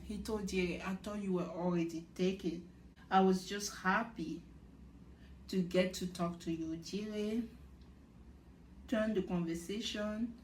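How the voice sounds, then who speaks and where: A woman's voice: medium pitch, a little hiss or hum. Laughing woman recapping a show, echoey. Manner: animated, laughs often, retells scenes in quotes. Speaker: reaction video host. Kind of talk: casual recap commentary.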